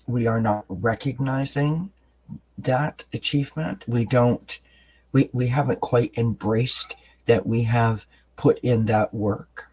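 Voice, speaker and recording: A man doing a tarot card reading for his channel, explaining each card in a calm, unhurried way with pauses and fillers. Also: medium pitch, husky, poor audio. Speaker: tarot reader.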